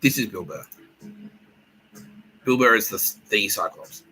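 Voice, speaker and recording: A man hosting a podcast, riffing in a profane, excitable, repetitive comedic monologue. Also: fairly low pitch, unhurried, a little hiss or hum, poor audio. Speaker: podcast host.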